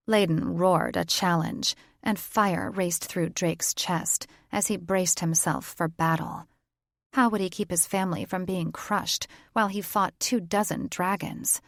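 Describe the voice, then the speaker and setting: A woman narrating a fantasy audiobook in an even, deliberate, scripted style on a close mic. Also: fairly low pitch, vocal fry, no echo.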